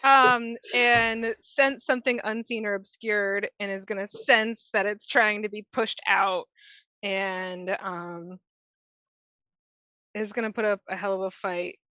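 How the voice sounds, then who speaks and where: Bright-voiced woman game master, slow and laid-back, dry close sound. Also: medium pitch, steady tone, dry recording, highs cut off. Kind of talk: narrating a tabletop game.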